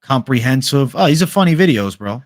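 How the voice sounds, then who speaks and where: A man's voice: medium pitch, animated, brisk, no echo, clean studio sound. A young man hosting a casual livestream, reading viewer questions aloud in a laid-back, profane bro manner. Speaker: livestream host.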